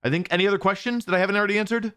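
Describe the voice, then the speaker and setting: A man's voice: sits high, steady tone, rapid-fire, a bit bright, clear, resonant tone. A young man hosting a live stream, chatting casually as he reads out viewer questions and answers them with lots of restarts. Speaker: streamer hosting a watch party.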